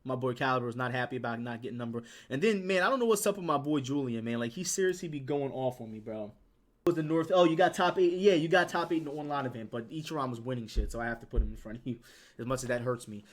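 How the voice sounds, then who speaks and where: A man's voice: medium pitch, fast talker. Laid-back slangy young man. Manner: laid-back slangy talk with swearing and filler words. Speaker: gaming YouTuber. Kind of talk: casual commentary on a ranking list.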